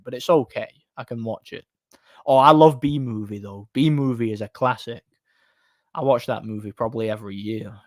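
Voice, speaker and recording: A man's voice: mid-range voice, no echo, studio quality. A man streaming live, chatting casually and answering chat in a rambling way, laughing often.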